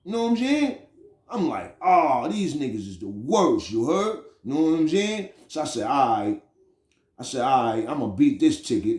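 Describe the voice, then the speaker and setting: A man's voice: mid-range voice, echoey room. Streetwise New York man telling a story. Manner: streetwise, animated, repeats "you know what I'm saying". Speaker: storyteller recounting prison experiences. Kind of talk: casual storytelling monologue.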